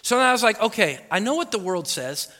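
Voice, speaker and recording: High, bright-voiced preaching pastor. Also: male voice, sing-song, quick pace. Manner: preaching with rising, emphatic repetition. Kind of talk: sermon. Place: church sanctuary. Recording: echoey hall with long reverb.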